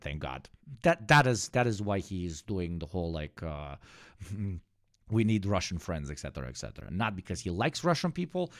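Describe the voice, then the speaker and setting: Low-voiced male streamer, dry close mic, sarcastic and swearing. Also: no room sound. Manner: sarcastic, profane, emphatic. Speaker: streamer host. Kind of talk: live stream commentary.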